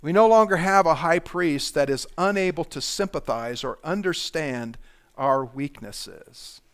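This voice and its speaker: A man's voice: fairly high pitch, animated, unhurried, clean tone. A middle-aged man, a pastor, preaching a sermon in a conversational way with asides and restarts.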